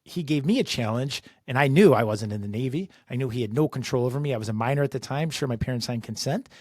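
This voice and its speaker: Animated storytelling man, dry close mic. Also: mid-range voice, fast, dry recording. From Chicago, USA. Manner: animated, acts out dialogue, frequent fillers. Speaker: author and podcast host. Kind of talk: storytelling monologue. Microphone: close podcast mic.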